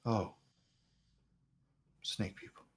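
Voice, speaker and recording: A man voicing a blind old man in a tabletop game, speaking softly and hesitantly. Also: lowish voice, fairly even intonation, breathy edge. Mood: wary, quiet. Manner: hushed, hesitant, halting. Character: blind old man, wary and soft-spoken.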